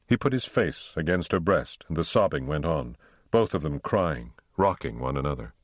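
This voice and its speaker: A man narrating an audiobook in a steady, unhurried storytelling manner on a close microphone. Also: extremely low pitch, no room sound.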